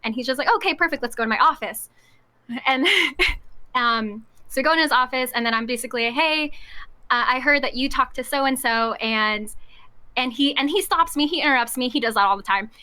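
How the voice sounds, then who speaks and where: Young woman guest, high bright voice, lively anecdote style with frequent laughs. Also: normal speed. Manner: animated, acts out quoted voices, laughs often. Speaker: podcast guest. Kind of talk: casual storytelling chat.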